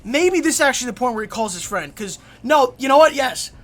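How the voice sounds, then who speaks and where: A young man live-streaming, telling a story in a rambling, profane, excitable way at his desk mic. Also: very high voice, a little fast.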